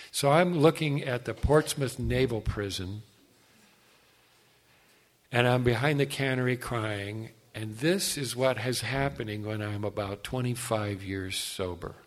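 Older male speaker sharing his testimony; animated, self-mocking storyteller who talks straight to the crowd. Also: on the low side, unhurried. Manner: animated, self-deprecating, asides to the audience. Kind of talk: personal storytelling talk.

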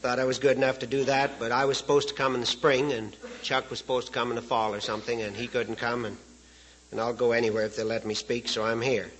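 A man's voice: mid-range voice, level tone, quick pace, a bit bright, a little hiss or hum, poor audio. A man from Saskatchewan, giving a speech as a guest speaker in a folksy, joking way and chuckling at his own stories. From Canada, Saskatchewan. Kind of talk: storytelling speech to an audience.

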